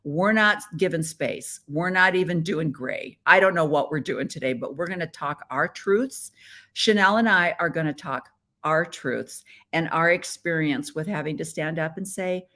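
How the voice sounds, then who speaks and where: A woman's voice: low voice, moderate pace, pushed and bright. A middle-aged woman from the US Midwest hosting a live podcast stream, chatty and playful, talking into her webcam. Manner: chatty and playful, with frequent laughs. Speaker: podcast host. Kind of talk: casual live-stream chat.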